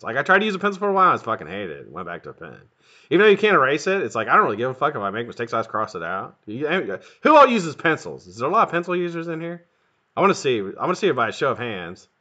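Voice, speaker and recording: A man's voice: mid-range voice, rapid-fire. A middle-aged man hosting a casual live stream, greeting viewers one by one and swearing freely. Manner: lively, profane, greets viewers one after another. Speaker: livestream host. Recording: dull lo-fi stream audio.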